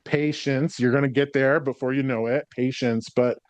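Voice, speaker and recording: A man's voice: mid-range voice, steady tone, normal speed, dry recording, lo-fi sound. Rambling man giving a psychic reading. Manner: rambling, hesitant, frequent ums and likes, swears when relaying spirits. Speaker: psychic medium. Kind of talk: spirit reading to a sitter.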